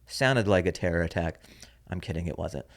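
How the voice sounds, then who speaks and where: A man's voice: low-pitched, animated, normal speed, creaky. A man hosting his own comedy podcast, telling a story in a wry, offhand, rambling way. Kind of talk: casual rambling monologue.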